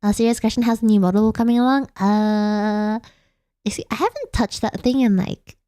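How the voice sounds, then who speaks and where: A woman's voice: on the high side, moderate pace, mellow, clear, resonant tone, dry recording, studio quality. A young woman from Australia, a vtuber chatting playfully late at night, giggling and rambling. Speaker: vtuber streamer. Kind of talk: casual late-night chat.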